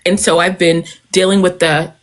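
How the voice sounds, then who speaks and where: Tired, passionate woman guest; emphatic, pitch leaps up when urging. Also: flat delivery, normal speed. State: tired and emotional. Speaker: guest, maternal health advocate. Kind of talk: impassioned talk-show conversation.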